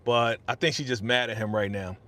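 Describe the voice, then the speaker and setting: A man hosting a live stream at an easy, chatty clip, full of slang and loose asides to his viewers. His pitch sits in an ordinary middle range. He speaks close into a studio podcast microphone. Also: steady tone, brisk, pushed and bright. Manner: chatty and slangy, reads viewer comments aloud. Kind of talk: casual live stream commentary.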